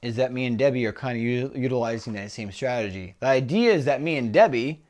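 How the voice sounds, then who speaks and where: A man co-hosting a casual business chat, talking conversationally and pitching a one-on-one call. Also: animated, fast, darkish tone. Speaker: business coach co-host.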